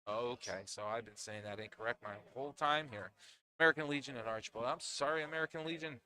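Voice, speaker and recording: Chatty bright-voiced pool commentator man. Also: mid-range voice, fast. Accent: Northeastern Pennsylvania. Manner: chatty, laughs often, restarts phrases. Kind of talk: live sports commentary.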